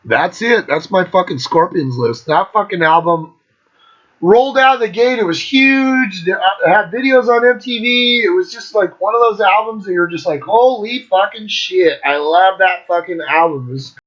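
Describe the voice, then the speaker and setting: A man in his fifties hosting a casual monologue, swearing constantly, excitable and breaking into bits of song. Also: high-pitched, moderate pace, muffled recording. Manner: profane, excitable, breaks into singing. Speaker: host. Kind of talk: casual monologue ranking albums.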